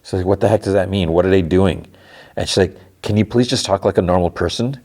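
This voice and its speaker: A man with a deep, low-pitched voice hosts a podcast in a loose, conversational way. He retells scenes by running through who said what, stringing quotes together, and pausing to wonder aloud what it all means. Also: a little mellow. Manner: retells scenes with quick "she's like" dialogue; wondering asides about plot. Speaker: podcast host. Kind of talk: casual episode recap.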